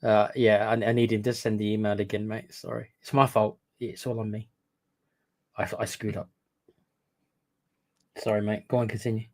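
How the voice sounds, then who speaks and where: A man with a fairly low voice co-hosting a casual fan live stream. He talks bluntly and calls everyone mate. He is quick to say sorry and take the blame. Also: level tone. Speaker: fan show co-host.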